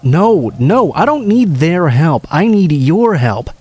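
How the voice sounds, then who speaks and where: A man voicing a frantic, exhausted woman who pleads in panicked shouts for help. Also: fairly high pitch, animated, a little slow, pitched above the performer's own voice.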